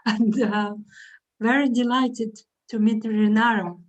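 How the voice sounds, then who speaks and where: A woman translator speaking on a video call in an earnest, halting way, with frequent pauses. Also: fairly high pitch, fairly even intonation, lo-fi sound. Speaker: book translator. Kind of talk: casual video call chat.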